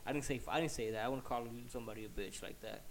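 A man's voice: medium pitch, fast talker, slight background noise. A man telling a story in a heated, profane, rambling rant while slightly sick.

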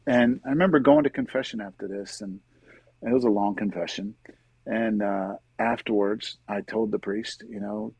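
A middle-aged man, a guest in an interview, earnestly telling his personal faith story in a soft-spoken, conversational way. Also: fairly low pitch, normal speed, slightly rough, no echo, rough recording.

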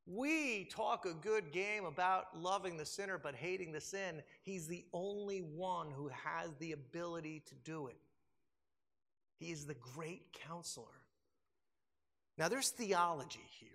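A male pastor preaching a sermon, swinging from loud emphasis to hushed, slow lines. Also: sits high.

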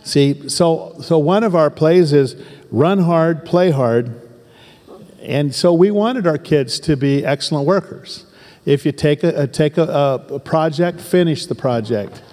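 A man's voice: a little high, a little slow, darkish tone, in a large hall. A man in his sixties from southern Oregon, a pastor giving an emphatic sermon full of repetition and folksy asides.

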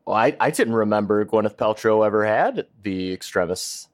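A man co-hosting a podcast, talking casually in halting starts and restarts, his pitch jumping when he is unsure. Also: animated. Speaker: podcast co-host. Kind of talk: casual chat.

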